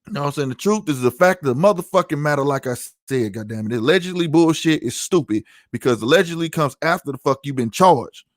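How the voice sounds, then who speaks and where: A middle-aged man hosting his own podcast fires off a heated, profane, emphatic livestream rant to his live chat. He talks fast and animatedly in a slightly high voice with hardly any pauses, and the studio sound is clean, with no echo.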